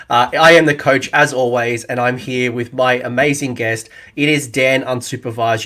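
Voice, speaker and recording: An Australian man hosts a relaxed conversation, mid-pitched and even. He banters and jokes easily, with the odd "uh" along the way. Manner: chatty, jokey banter with fillers. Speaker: podcast host and coach. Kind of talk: casual chat.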